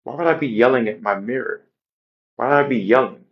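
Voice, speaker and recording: A man's voice: mid-range voice, fairly quick, recorded from a distance, muffled recording. Blunt, preachy male wellness coach, recorded off-mic in an echoey room. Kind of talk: motivational monologue. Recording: roomy, from off the mic.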